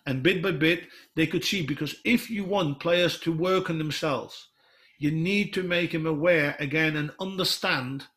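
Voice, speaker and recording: A man's voice: fairly high pitch, fairly bright tone. A middle-aged man, a football coach presenting to other coaches in an explanatory way, restarting sentences often. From Netherlands. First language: Dutch. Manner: explanatory, retells dialogue, many restarts.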